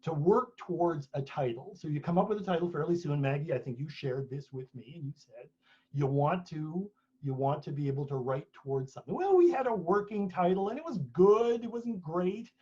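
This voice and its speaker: A man's voice: on the high side, animated, fairly quick, mellow, breathy edge, highs cut off. A middle-aged man talking casually at a book launch, telling stories with many restarts. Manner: chatty storyteller, many restarts. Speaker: author and speaker. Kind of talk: conversational talk at a book launch.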